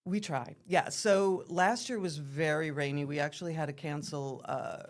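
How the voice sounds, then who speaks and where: Low-voiced woman theater guest. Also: moderate pace. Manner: enthusiastic, explains at length. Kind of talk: casual interview.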